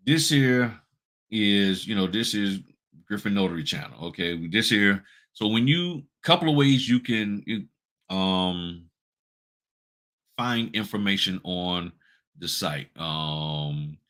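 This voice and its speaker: A man's voice: on the low side, a bit bright. A man hosting a notary business channel, talking casually and bluntly, firing off rhetorical questions in a colloquial way. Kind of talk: casual advice talk with screen walkthrough.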